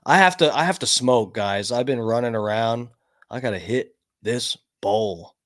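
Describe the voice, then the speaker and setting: A man's voice: medium pitch, moderate pace. Profane, rambling male streamer. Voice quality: loose and profane, self-mocking. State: coughing from smoking. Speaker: streamer host. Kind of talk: casual livestream chat. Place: home studio.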